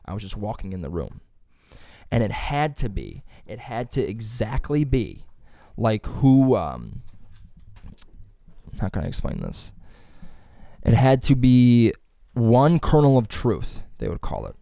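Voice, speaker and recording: A man's voice: mid-range voice, huge pitch swings, unhurried, vocal fry, long pauses, dark tone, dry recording. Young male podcast host, loose rambling storyteller, casual swearing, dry close mic. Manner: rambling storyteller, swearing freely, lots of fillers.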